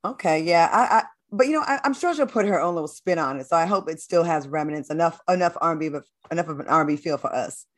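A woman hosts a casual chat show. She reads news items aloud and steers the talk with questions to her co-hosts. Her voice is fairly low. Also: quick pace, hardly any pauses. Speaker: host.

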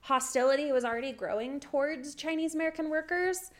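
A young woman hosting a podcast in a relaxed, chatty way, often breaking into laughter. Her voice sits a touch high for a woman. She moves between easy banter and reading through her prepared notes. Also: fairly quick. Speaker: podcast co-host. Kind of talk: casual podcast chat.

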